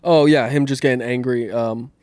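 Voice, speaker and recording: A man's voice: medium pitch, fairly even intonation, normal speed, a little mellow, no echo. A man co-hosting a podcast, chatting casually in a rambling way with lots of fillers and swearing. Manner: laid-back, rambling with many fillers and profanity. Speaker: podcast co-host. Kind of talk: casual chat.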